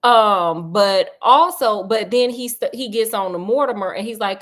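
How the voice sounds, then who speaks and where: A woman retelling a story in a comedic, slangy, animated way, talking straight to her listener. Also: mid-range voice, moderate pace, few pauses.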